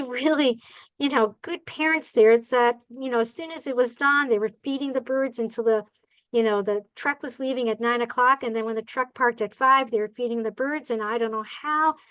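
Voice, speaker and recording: Chatty female bird rehabilitator, high voice, animated storyteller who checks in with the room. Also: poor audio. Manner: animated, acts out the people and birds in her stories; chatty, asks the audience "all right?". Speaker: bird rehabilitator giving a talk. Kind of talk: storytelling talk to a club.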